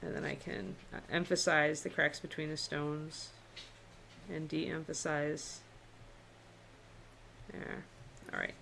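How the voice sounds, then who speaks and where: Woman with a lowish voice, easygoing stream host talking through her brushwork. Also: takes it slowly, gravelly, pauses often, noisy background. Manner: relaxed, chatty, thinking aloud while painting. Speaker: miniature painting instructor. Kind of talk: live-stream painting tutorial.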